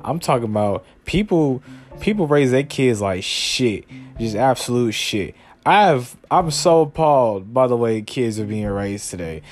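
A man's voice: mid-range voice, measured pace, soft background music. A young man hosting a podcast, ranting comedically with heavy swearing and mocking voices. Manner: animated, swearing, mock-quoting people in a raised voice. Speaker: podcast host. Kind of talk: profane comedic rant.

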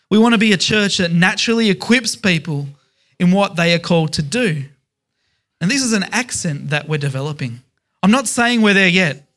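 A man's voice: high voice, a bit bright. A man preaching a sermon as pastor, emphatic, stressing words in repeated lists.

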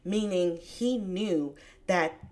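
A woman hosting a podcast, talking about scripture in a casual, chatty way with bursts of excitement. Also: fairly low pitch, extremely slow. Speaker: podcast host. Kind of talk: casual faith podcast talk.

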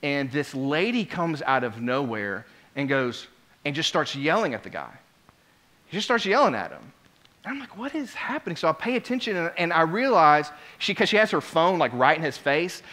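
A man preaching a sermon, telling a story with lively swings between quiet asides and loud exclamations. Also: fairly high pitch, moderate pace. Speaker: pastor.

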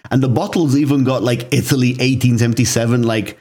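A man's voice: mid-range voice, fast talker. Chatty young man co-hosting a podcast. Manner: relaxed storytelling, frequent "like" fillers. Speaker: podcast co-host. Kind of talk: casual chat.

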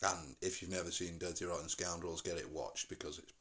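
Brief: male host, casual rambling chat, deep voice. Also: steady tone, a bit bright. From St Helens, England. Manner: rambling, halting, with many fillers. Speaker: podcast host.

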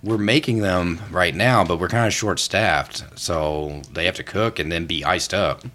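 A man's voice: sits low, unhurried, bright, forceful tone, voice pushed down. A man doing a harried bakery worker woman. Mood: flustered.

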